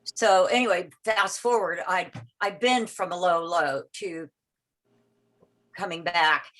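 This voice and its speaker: A woman in her sixties on a video call, telling a personal story in a rambling, halting way, full of restarts and repeated words, and acting out the voices of the people in it. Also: lowish voice, a bit bright, poor audio. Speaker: meeting participant sharing a story.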